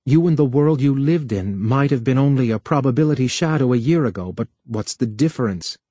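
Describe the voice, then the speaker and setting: A man voicing an earnest male technician who talks in an insistent, pleading way, often lower and quieter. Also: expressive, a little fast, husky, no echo. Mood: coaxing.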